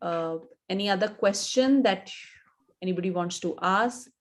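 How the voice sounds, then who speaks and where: A woman's voice: mid-range voice, moderate pace. A woman with an Indian English accent, an image coach in her thirties, giving instructive advice in a live webinar and repeating her points for emphasis.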